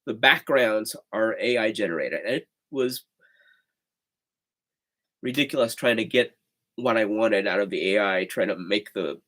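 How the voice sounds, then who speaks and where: A man's voice: on the low side, a little slow, long pauses, bright, forceful tone. A man hosting a livestream, talking casually in a rambling, chatty way with sighs and laughs. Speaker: host of a livestream.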